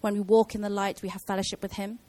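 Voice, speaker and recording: A woman's voice: mid-range voice, little pitch movement, quick pace, warm tone, no room sound, low-quality recording. A woman giving an informal Bible teaching in a casual way, with many fillers and restarts.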